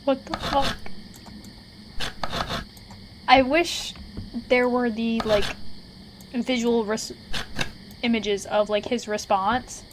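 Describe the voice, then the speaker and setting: A woman's voice: on the high side, steady tone, slow, long pauses, background noise. A woman hosting a let's play, chatty and self-mocking as she goes. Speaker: gaming channel host.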